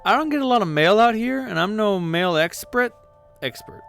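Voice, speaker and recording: A man's voice: mid-range voice, very animated, moderate pace, creaky, a bit bright, soft background music. A man voicing a tipsy, teasing teenage girl in a read-aloud webcomic. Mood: drawling. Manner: drawling, teasing.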